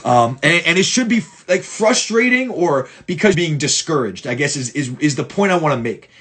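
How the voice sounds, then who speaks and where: Man, football coach, husky voice, casual film breakdown, blunt, swears, repeats himself. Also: fairly high pitch, animated, moderate pace, a bit bright. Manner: blunt and profane, many restarts.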